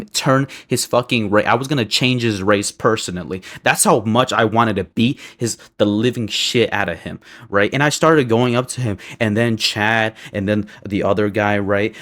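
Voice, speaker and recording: A young man with a voice of ordinary pitch tells a long personal story in a loose, rambling way. He swears freely and keeps checking in with "right?", jumping from heated outbursts to low, muttered asides. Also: fairly bright tone. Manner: profane, rambling, constant "right?" tags; swings between heated bursts and low mutters. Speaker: storyteller vlogger. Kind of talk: casual storytime monologue.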